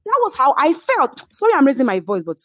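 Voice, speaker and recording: A woman's voice: sits high, big pitch swings, fairly quick, no echo. A woman with a Nigerian accent, a reality show cast member telling her side in an interview, emphatic and checking that her listeners follow. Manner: emphatic, keeps asking "do you understand?". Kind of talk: animated storytelling in an interview. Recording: dull lo-fi sound.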